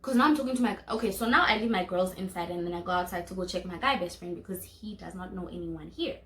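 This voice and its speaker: A woman's voice: fairly low pitch, fast, a bit bright. A young South African woman with a South African accent, telling a personal story on her vlog and acting out what others said. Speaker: vlogger. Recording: echoey room.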